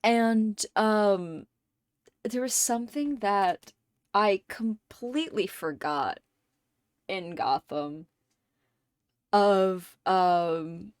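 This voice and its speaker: A woman hosting a livestream in casual chat, rambling and excitable, and swearing often. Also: medium pitch, drawn-out words, pauses often, clean tone, no echo, studio quality. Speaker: livestream host. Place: home streaming setup.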